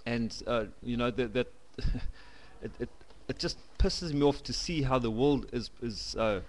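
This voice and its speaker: A South African man vlogs into a home camcorder, delivering a blunt, opinionated to-camera monologue and halting as he goes. His voice is mid-range.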